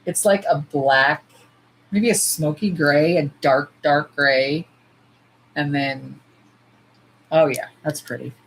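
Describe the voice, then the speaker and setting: A woman's voice: low voice, slow, long pauses, a little hiss or hum, rough recording. Blunt, foul-mouthed woman host chatting. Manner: blunt, profane and animated, jumping to loud squeals. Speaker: nail polish livestream host. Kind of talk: casual livestream chat while swatching.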